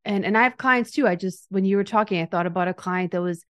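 A woman hosting a podcast interview, a fitness coach who tells client stories in a lively, chatty way. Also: medium pitch, quick pace, dry recording, clean studio sound. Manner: animated, chatty, acts out clients' quotes.

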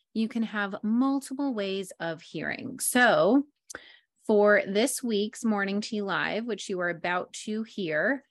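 A woman in her thirties, a podcast host and life coach, chatting upbeat and casually before slowing into a soft guided meditation at home. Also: mid-range voice, dry recording. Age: 30s. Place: at home in a chair with her dogs.

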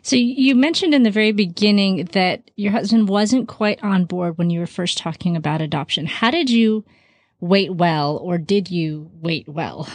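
A woman's voice: on the low side, animated, moderate pace, dry recording. Affirming female interviewer, dry sound. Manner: affirming, thoughtful questions. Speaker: interviewer host. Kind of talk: conversational interview.

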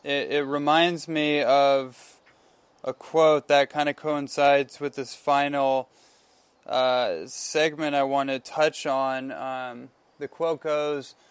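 A man hosting a podcast interview speaks slowly, with a smooth, resonant voice. He sounds soft-spoken and a little hesitant as he moves into a new topic. The sound is dry and close. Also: mid-range voice, steady tone, no echo. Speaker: podcast host.

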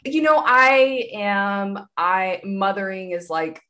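A woman's voice: medium pitch, slow, bright, forceful tone. A woman guest telling a personal story in conversation, candid and meandering, with many asides.

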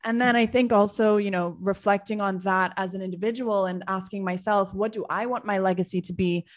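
A woman in her thirties from Trinidad, speaking in a thoughtful interview with many pauses as she searches for words. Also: mid-range voice, fairly even intonation. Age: 30s. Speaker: guest, business owner. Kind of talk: reflective interview answer.

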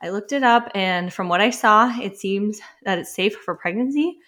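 A woman's voice: medium pitch, normal speed, a bit bright. A woman in her thirties chats through a casual solo podcast episode. She talks loosely, with plenty of filler words and frequent laughs, and sounds a little winded. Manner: chatty, laughs often, many "like" fillers. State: slightly winded. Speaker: podcast host.

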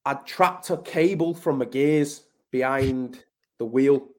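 A man's voice: medium pitch, slow pace, darkish tone. A man from Manchester, telling a story as a podcast guest in blunt, sweary talk, calling the host mate. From Manchester, England. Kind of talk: casual storytelling.

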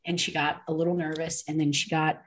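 A woman guest on a podcast, telling her personal faith story in a casual, animated way, full of "um" and "like" and acted-out dialogue. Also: low voice, a little fast. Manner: animated, with fillers and reenacted dialogue.

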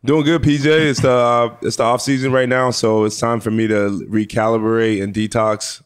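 A man's voice: mid-range voice, flat delivery, moderate pace, clean tone. A man in his twenties, a pro football player guest, talking thoughtfully with many fillers. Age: 20s. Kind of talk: casual interview.

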